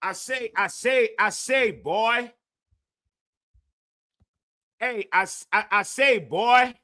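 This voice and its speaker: Bluster bit: a man putting on a loud, high cartoon rooster who stammers and drawls. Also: slow, exaggerated voice. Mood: blustery. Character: blustering loudmouth cartoon rooster, male, adult.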